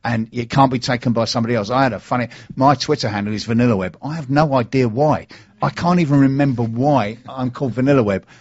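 A man's voice: medium pitch, fast talker, darkish tone. A man hosting a radio talk show in a chatty, jokey way, welcoming guests and reading out messages. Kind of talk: casual radio chat. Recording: dull lo-fi radio recording.

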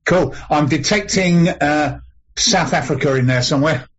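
A man's voice: a little high, normal speed, breathy edge. A man hosting a show and interviewing a guest in a chatty, jokey way. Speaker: show host. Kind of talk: casual interview chat. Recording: dull lo-fi audio.

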